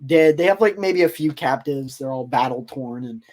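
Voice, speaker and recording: A man's voice: medium pitch, lively intonation, moderate pace, a little mellow. A man hosting a podcast, casually telling a story in a loose, rambling way full of fillers. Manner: rambling, filler-heavy retelling. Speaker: podcast host.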